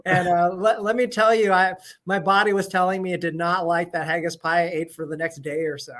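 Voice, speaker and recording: Lively American man telling stories. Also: high voice, a little fast. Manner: lively storyteller, animated quoted asides. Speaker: guest, FBI agent. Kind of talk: casual interview chat.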